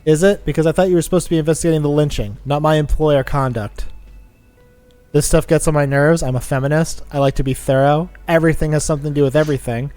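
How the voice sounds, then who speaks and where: A man's voice: on the high side, steady tone, fast talker, darkish tone, soft background music, natural voice. A man voicing a blunt, irritable male cafeteria manager from a video game, reading his lines curtly. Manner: curt and defensive.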